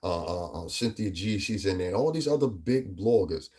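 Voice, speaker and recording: A man with a New York-area accent holds forth in a casual commentary vlog, rambling and emphatic. His voice sits low and sounds a little husky. He keeps checking in with asides like "you know what I mean". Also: expressive, normal speed, darkish tone. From US Northeast tri-state area. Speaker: vlogger.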